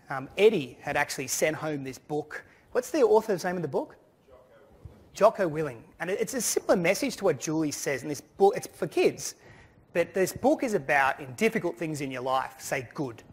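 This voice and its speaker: A man giving a sponsor's address at a conference, telling stories about his children on stage. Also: a little high. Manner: storytelling, quotes his children. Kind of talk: anecdotal conference speech.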